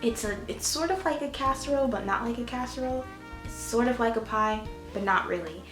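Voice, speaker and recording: A young woman talks straight to camera in a casual, chatty vlog, dropping playful asides to her viewers. Her middle-pitched voice rings around a bare, echoey room, with faint music underneath. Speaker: vlogger host.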